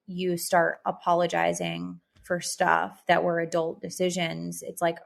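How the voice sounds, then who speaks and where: Podcast co-host, woman in her thirties, low and gravelly, reflective and rambling. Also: monotone, a little slow. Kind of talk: casual podcast chat.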